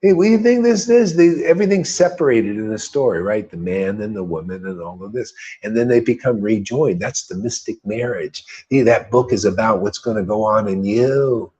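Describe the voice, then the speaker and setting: A man's voice: on the low side, normal speed, few pauses, a little mellow, slightly rough, lo-fi sound. A man leading a devotional group, giving an informal spiritual talk full of emphatic repetition and rhetorical questions.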